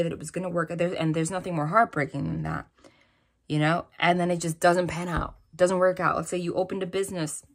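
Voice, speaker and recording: A woman's voice: low voice, fairly bright tone. A woman giving a tarot and angel-message reading, talking in a chatty, reassuring way with many fillers. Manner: chatty, reassuring, lots of "like" and "right?". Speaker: tarot reader. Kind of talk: spiritual reading to camera.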